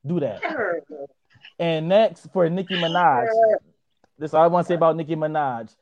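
A man calling in to a talk show, giving gossip commentary in a measured tone that turns crude and playful. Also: on the high side, fairly even intonation, darkish tone, no room sound.

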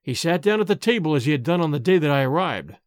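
A man's voice: fairly high pitch, fast, no room sound, clean studio sound. A man giving a dramatic audiobook reading of a gothic story, voicing the characters' lines with feeling. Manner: expressive, voices the characters' lines.

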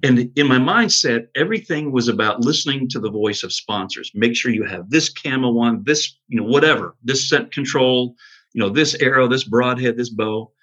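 A man's voice: mid-range voice, moderate pace, a bit bright, breathy edge, muffled recording. A man who is a bow hunter and podcast guest, telling an earnest hunting story in casual conversation, with many restarts.

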